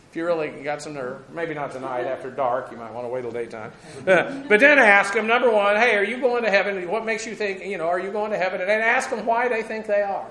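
A man's voice: sits high, a bit bright. A man preaching a sermon, teaching scripture in a conversational way, with many fillers and restarts. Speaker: pastor. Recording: echoey room sound.

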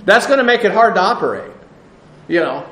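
Male Bible teacher, sermon style, fairly high voice, patient explainer with fillers. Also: sing-song, a bit bright. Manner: unhurried, explanatory, many "uh" fillers, spells out Greek words. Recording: echoey room sound.

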